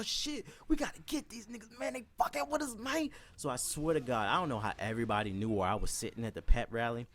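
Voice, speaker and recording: A young man telling a comedic, profane story from his school days, laughing often and acting out other people's voices. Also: mid-range voice.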